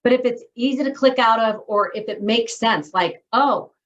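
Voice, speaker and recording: Emphatic woman hosting a video call. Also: fairly high pitch. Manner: enthusiastic, emphatic, quick asides. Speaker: host of a writers' training call. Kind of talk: casual video-call discussion. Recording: dull lo-fi call audio.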